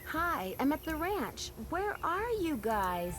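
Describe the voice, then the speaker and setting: A woman's voice: high-pitched, big pitch swings, slow, noisy background, full character voice. An actress voicing a curious, polite young woman detective in a video game, earnest and inquisitive.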